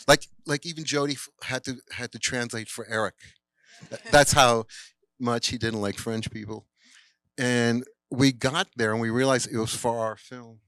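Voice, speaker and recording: A man's voice: medium pitch, fairly even intonation, a little slow, fairly bright tone, no echo. An older man, a film director, telling a rambling anecdote at a live Q&A with lots of fillers and quoted voices. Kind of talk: casual storytelling in a Q&A. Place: cinema, live Q&A.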